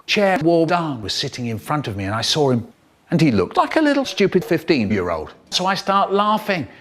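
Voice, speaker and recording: A man narrating a comic first-person story in an animated, exaggerated way. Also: fairly high pitch, normal speed.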